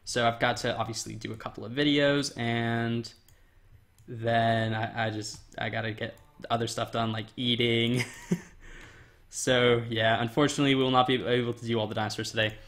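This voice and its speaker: At normal speed and in a mid-range voice, a young livestreamer chats loosely at his desk mic, reading out chat and drifting between ideas. He is relaxed and rambling, with plenty of ums and sentences left half-finished.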